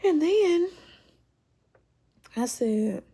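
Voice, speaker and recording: A woman's voice: sits high, very animated, drawn-out words, mellow. A woman hosting a casual reality show recap, chatty and storytelling, acting out quotes with laughs.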